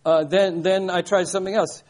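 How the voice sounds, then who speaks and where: Older guy pastor giving a sermon, pretty high voice, emphatic, keeps repeating lines. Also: fairly even intonation, normal speed, darkish tone. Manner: emphatic, repeats key phrases, asks rhetorical questions.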